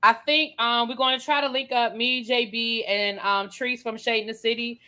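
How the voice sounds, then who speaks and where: A woman's voice: a little high, fairly even intonation, moderate pace, sharp tone. A woman co-hosting a soap opera recap livestream, chatty and emphatic, often repeating herself for effect. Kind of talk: casual livestream chat.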